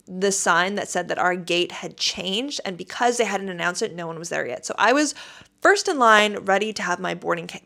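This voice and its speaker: Woman chatting on her podcast at home, animated and emphatic, middle pitch. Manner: animated, emphatic, exasperated retelling. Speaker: podcast host. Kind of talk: casual storytelling.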